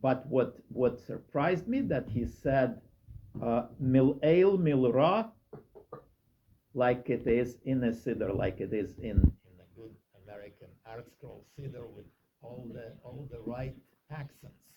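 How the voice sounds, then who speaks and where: A man with a Russian accent telling stories in a casual talk, halting often and searching for his words. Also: medium pitch. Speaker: speaker telling personal stories. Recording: muffled recording with faint hiss.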